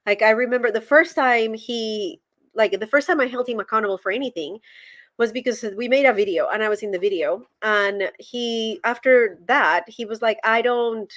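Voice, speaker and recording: A woman's voice: fairly high pitch, normal speed, fairly bright tone. A woman from Colombia with a Colombian Spanish accent, a former pastor in casual conversation, acting out quoted dialogue as she tells stories.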